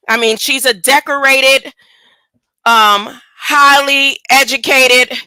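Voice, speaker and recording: In a dry recording, a woman with a fairly high, sharp voice teaches a casual Bible study. She reads scripture in a slow, stop-and-start way, pausing for chatty asides and rhetorical questions.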